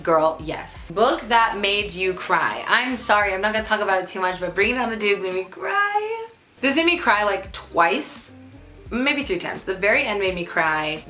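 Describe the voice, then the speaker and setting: A young woman vlogs about books in an emphatic, gushing way, doubling words for stress. Her voice sits a little low but comes across bright and forceful. The room is echoey, with faint music underneath. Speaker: book vlogger. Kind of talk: casual chat to camera.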